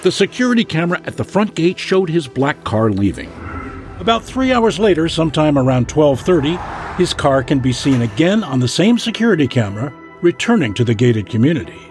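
A man narrating a true-crime news story with a dramatic, measured delivery. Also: a little high, big pitch swings, a little mellow, faint music behind.

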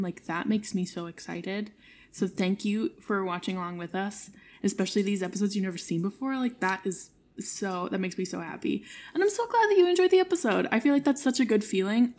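Female podcast co-host, warm-hearted gushing chat, casual delivery. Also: medium pitch. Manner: gushing, effusive.

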